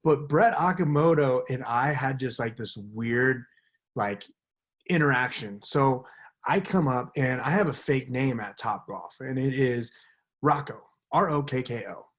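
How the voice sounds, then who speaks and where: A man's voice: mid-range voice, unhurried, a bit bright. A young man co-hosting a podcast, telling a rambling story and acting out the quotes in casual chat. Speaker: podcast co-host.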